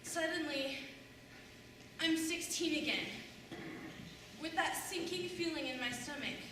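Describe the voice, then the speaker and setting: A woman's voice: sits high, unhurried. A young woman acting a wry, bitter middle-aged mother in a stage monologue, telling a story with sardonic humor and mimicking others. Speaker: student actor. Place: school stage in a large hall. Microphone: distant room mic. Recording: echoey hall from far off, faint noise.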